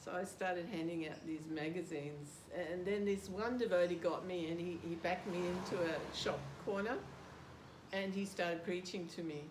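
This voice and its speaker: An older Australian woman, a devotee being interviewed casually, tells a story full of laughter and self-deprecating humor. Her voice is fairly low and steady, moving at a normal speed. The recording sounds roomy, with background noise.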